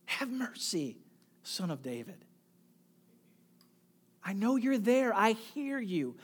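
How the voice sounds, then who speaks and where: A preacher voicing a desperate blind man begging by the roadside, crying out in pleading tones. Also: mid-range voice. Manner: pleading cries.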